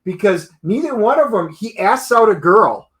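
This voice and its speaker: A man co-hosting a casual TV episode review, retelling scenes with animated quoted lines. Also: sits high, moderate pace. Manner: animated storytelling, acts out character quotes. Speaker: show co-host.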